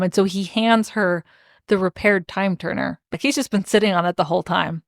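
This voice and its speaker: A young woman co-hosting a podcast, recapping a story in easy casual chat with a mid-range voice. She slips into quick character quotes and swears freely. The sound is close and dry. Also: medium pitch, no echo. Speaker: podcast co-host.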